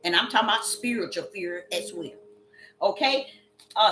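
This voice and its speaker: A woman's voice: fairly high pitch, sing-song, moderate pace, pushed and bright. A woman preaching a sermon in an emphatic way, repeating her phrases and drawing out the scripture she reads. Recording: echoey room with faint music.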